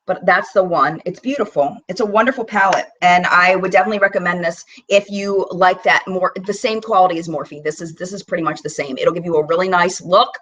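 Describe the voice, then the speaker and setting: A woman hosting a casual live-stream about makeup, talking in a chatty, animated way with bursts of mock disbelief as she swatches products. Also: on the low side, a little fast, few pauses, far from the mic, poor audio. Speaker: beauty vlogger hosting a live chat.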